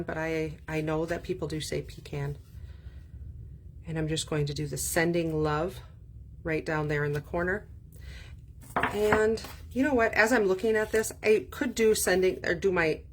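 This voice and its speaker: Chatty woman, low voice. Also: slight background noise. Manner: chatty, thinks aloud, frequent ums. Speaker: card-making demonstrator. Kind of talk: casual craft tutorial.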